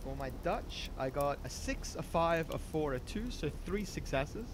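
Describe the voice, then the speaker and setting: Man, tabletop player, high voice, excitable, rambling, faint hiss behind. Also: unhurried. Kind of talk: in-character tabletop play.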